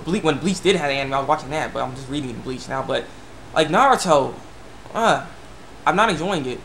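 A young man vlogging casually, rambling with frequent stammers and restarts, breaking into quick excited bursts. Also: fairly high pitch, slight background noise. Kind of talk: casual opinion rant to camera.

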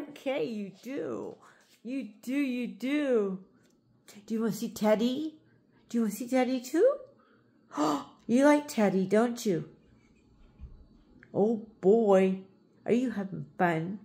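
A woman speaks to her pet dog in a fond, sing-song baby-talk voice, pitched a little high. She drawls slowly, coaxing with one question after another and gasping in excitement. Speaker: pet vlogger.

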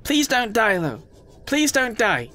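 A man giving chatty, emotional let's play commentary, often squealing up high in excitement. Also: slow pace.

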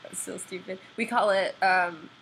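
A woman's voice: medium pitch, steady tone, unhurried, fairly bright tone, a little hiss or hum, low-quality recording. Woman vlogger, teasing and giggly, casual chat.

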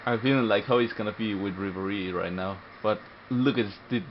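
A young man giving live, excitable gameplay commentary, often frustrated and swearing at the game. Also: on the low side, brisk. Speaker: gamer. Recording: muffled recording with faint hum.

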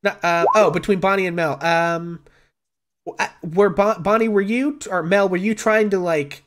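Casual GM narration, hesitant, lots of ums. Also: medium pitch. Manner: halting, many fillers. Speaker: game master. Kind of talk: narrating a tabletop game.

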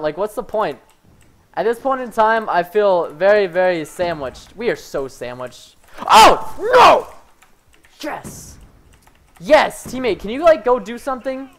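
Excitable young man commentating gameplay. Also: high-pitched. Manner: excitable, yells when hyped, says "fudge" instead of swearing. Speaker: gaming streamer.

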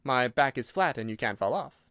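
A man's voice: medium pitch, expressive, normal speed, fairly bright tone, no echo. A man voicing a plain-spoken, blunt square beast in a storybook.

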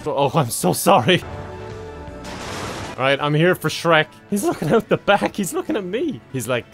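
A man's voice: a little high, big pitch swings, normal speed, a bit bright, soft background music. A young Irish man giving comedic, sarcastic commentary while playing a video game, laughing at what he sees. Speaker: gaming YouTuber.

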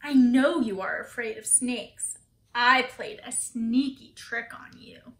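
A woman voicing a sneaky male triangle shape from a picture book, hissing like a snake and speaking low and sly. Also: slow, reverberant. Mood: smug.

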